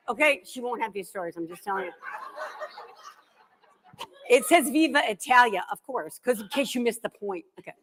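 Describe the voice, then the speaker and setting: A middle-aged woman, a guest author, telling comic stories to a live library audience in an animated, self-deprecating way. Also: fairly high pitch, a little fast, slight background noise. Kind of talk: comic storytelling talk.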